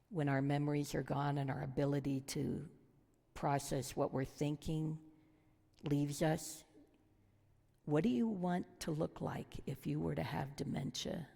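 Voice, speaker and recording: A woman's voice: low-pitched, fairly even intonation, measured pace, creaky, warm tone, breathy edge. A woman teaching a Bible study lesson, earnest and reflective, putting questions to her listeners. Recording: long hall reverb.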